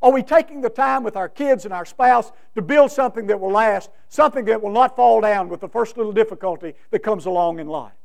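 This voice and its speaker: A middle-aged male preacher giving a sermon, emphatic, with big swings from loud to soft. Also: high-pitched, brisk, creaky, hardly any pauses. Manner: emphatic, with wide swings in loudness.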